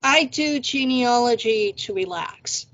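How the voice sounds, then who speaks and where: A woman's voice: on the high side, lively intonation, slow pace, fairly bright tone. A woman hosting a podcast, chatting casually and thoughtfully. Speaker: podcast host. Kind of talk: casual chat. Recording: dull lo-fi audio.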